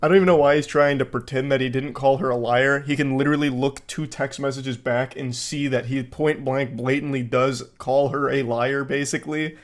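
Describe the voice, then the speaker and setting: Male online commentator, deadpan, dry sarcastic read, mid pitch. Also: fairly quick, few pauses. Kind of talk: comedic commentary on text messages.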